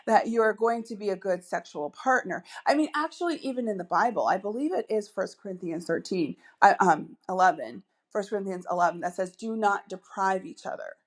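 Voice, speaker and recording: A woman's voice: mid-range voice, fairly quick, few pauses. A woman hosting a solo podcast as a dating coach, chatty and upbeat, with many asides and fillers.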